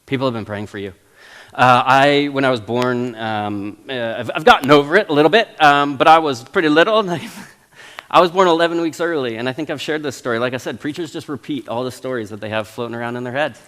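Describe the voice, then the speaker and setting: A man in his thirties from Canada, preaching a sermon as pastor in a casual, animated way with frequent restarts. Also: mid-range voice, brisk, smooth, big-room sound. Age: 30s. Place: church sanctuary.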